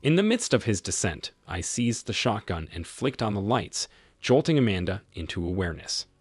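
Low, husky male story narrator. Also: big pitch swings, moderate pace, dry recording. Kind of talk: scripted first-person story narration.

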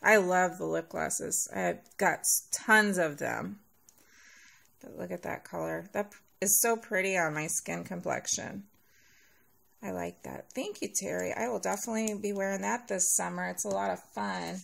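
A woman vlogger unboxing a package, sweet and gushing and thankful, sounding sleepy and a little hoarse. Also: lowish voice, moderate pace, fairly bright tone. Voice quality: gravelly vocal fry. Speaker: nail vlogger opening a giveaway package. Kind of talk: casual unboxing chat.

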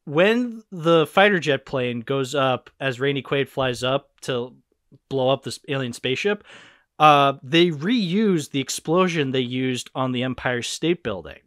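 A man's voice: mid-range voice, measured pace, dry recording. A man in casual podcast chat, recorded dry and close with no room sound. He talks in an easy middle register, tumbling through his points with restarts and curse words. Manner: animated, swearing, quoting film lines in put-on voices. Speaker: podcast host.

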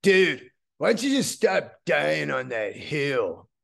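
Sneering male troll, slow and dismissive, put on by a man. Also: on the high side, sing-song, creaky, a bit bright, heavily acted.

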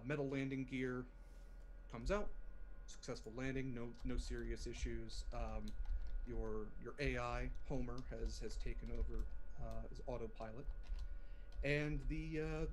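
Male game master, casual narration, medium pitch, faint background noise. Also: rough recording. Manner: casual, hesitant with fillers.

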